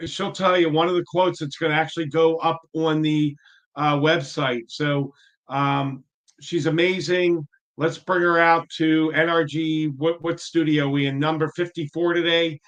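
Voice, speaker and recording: A man's voice: on the high side, fairly even intonation, measured pace, a bit bright. A man introducing a guest in an enthusiastic, rambling casual chat.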